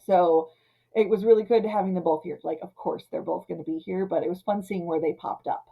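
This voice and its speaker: A woman in her thirties casually ranting about an old film, retelling scenes and slipping into quick character voices. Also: lowish voice, steady tone, breathy edge, phone-quality sound. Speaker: film commentator. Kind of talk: casual movie rant.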